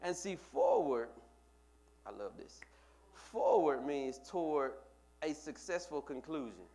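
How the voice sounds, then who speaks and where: Male pastor, fairly high voice, emphatic sermon delivery with building repetition. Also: wildly swooping pitch, takes it slowly, mellow. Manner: preaching with rising emphatic repetition.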